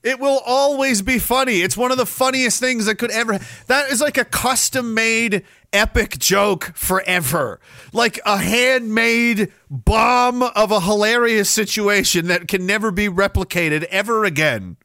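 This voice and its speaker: A man's voice: sits high, a little slow, vocal fry, pushed and bright, no room sound, clean studio sound. A man from Canada hosting a livestream podcast, ranting sarcastically with frequent laughter. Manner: sarcastic, jokey, laughs often. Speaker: podcast host. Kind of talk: casual livestream rant.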